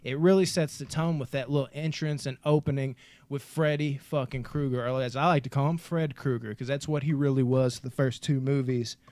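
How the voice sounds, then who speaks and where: A man from Kentucky hosting a casual movie podcast, excitable and profane, calling everyone dude. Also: medium pitch, a little fast, dry recording. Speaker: podcast host.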